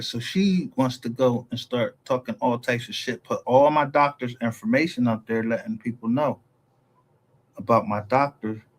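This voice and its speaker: A man in the middle of a heated commentary rant, swearing freely and rambling from one grievance to the next. His sentences often break off and restart as he pushes his point. His voice sits at an ordinary male pitch. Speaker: YouTube commentator.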